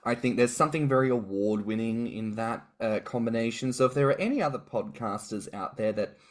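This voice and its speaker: A man's voice: medium pitch, brisk. A man co-hosting a podcast, bantering loosely and swearing in casual chat. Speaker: podcast co-host.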